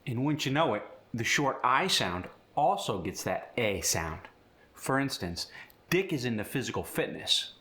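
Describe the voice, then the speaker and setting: Unhurried male accent coach. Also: mid-range voice, very animated, bright, forceful tone. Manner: explains sounds step by step, then reads an example sentence. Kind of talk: accent tutorial.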